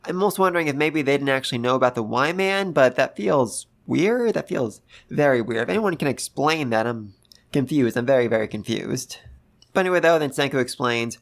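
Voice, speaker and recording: A host giving a casual, gushing review of a manga chapter, talking excitedly and repeating phrases for emphasis. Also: mid-range voice, fairly quick, gravelly. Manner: gushing, excitable, gasps and laughs. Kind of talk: casual commentary.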